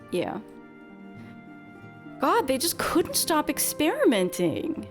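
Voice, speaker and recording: A woman's voice: mid-range voice, big pitch swings, slow, long pauses, soft background music. A young woman streamer chatting casually, reading game text aloud and commenting with laughs and the odd swear.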